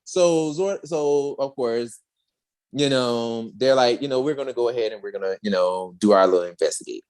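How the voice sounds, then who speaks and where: A podcast co-host recapping a story in a sassy, slangy, animated way, with acted quotes. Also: medium pitch, normal speed, clear, resonant tone. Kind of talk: casual chat.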